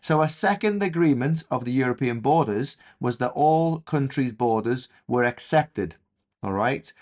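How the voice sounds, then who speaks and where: English male teacher, mid pitch, chatty and enthusiastic, lots of fillers. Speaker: history teacher. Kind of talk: recorded revision lesson.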